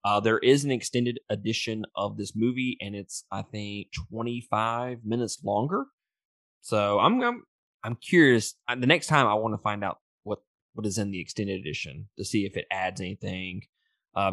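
A low-pitched man co-hosting a laid-back movie podcast, running through his trivia notes with plenty of "uh"s and restarts. His voice sits close and dry on the mic, with no room sound around it. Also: expressive, a little fast, fairly bright tone, no room sound. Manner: reads trivia notes with filler and restarts, laughs easily. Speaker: podcast co-host. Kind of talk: casual movie podcast chat.

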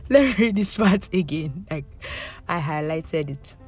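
A woman's voice: deep voice, expressive, unhurried, a little mellow, breathy edge, soft background music. A woman hosting a book podcast, chatting in a casual, self-deprecating way with her listeners. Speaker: podcast host.

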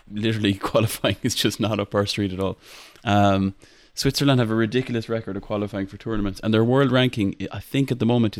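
A man's voice: lowish voice, no echo. A young Irish man hosting a casual football podcast, chatty with many fillers and restarts, laughing often. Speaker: podcast host.

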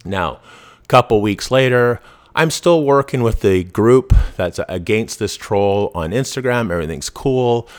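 A podcast host, talking in a blunt, profane, casual monologue full of restarts. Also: male voice, on the low side, lively intonation, unhurried.

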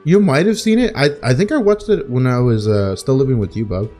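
A man's voice: medium pitch, brisk, darkish tone, faint music behind. Laid-back man chatting on a podcast. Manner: swears casually, laughs often, rambling. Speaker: podcast co-host. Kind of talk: casual chat.

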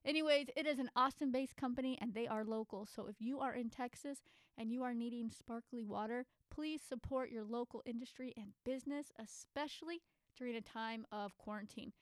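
A woman's voice: on the high side, fairly quick, clear, resonant tone, no room sound. A woman hosting her own podcast from a home studio, chatting in an enthusiastic, casual way. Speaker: podcast host. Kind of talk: casual solo podcast talk.

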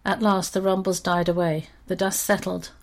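Woman, storyteller, children's story, expressive reading, lowish voice. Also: moderate pace.

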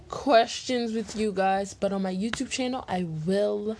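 A woman's voice: medium pitch, slow pace, darkish tone. A teenage girl answering Q&A questions for her vlog in a rambling, chatty way, full of fillers, into a laptop mic. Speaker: vlogger. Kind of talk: casual Q&A vlog. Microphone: laptop microphone.

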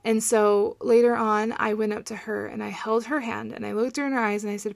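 A woman's voice: fairly high pitch, fairly even intonation, fairly quick, vocal fry, few pauses, no echo. A woman in her thirties hosting a coaching podcast, talking in an earnest, reassuring way and repeating phrases for emphasis. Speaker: podcast host and postpartum coach. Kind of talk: casual podcast monologue.

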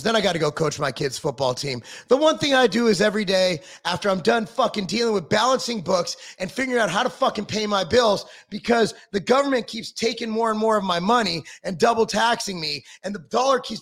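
Brief: middle-aged man, profane heated rant, high gravelly voice, swinging pitch. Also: a bit bright. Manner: heated, sarcastic, swearing constantly.

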